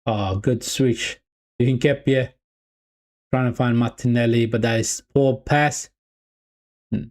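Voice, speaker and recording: A man streaming live football watch-along commentary, chatty, repeating his phrases and calling his viewers "people", swinging between excitement and deflation. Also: medium pitch, takes it slowly.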